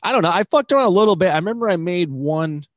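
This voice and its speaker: A man's voice: sits high, expressive, very fast, dry recording, studio quality. A young man with a Rhode Island accent, a stand-up comedian chatting casually on a podcast in profane, self-deprecating rants.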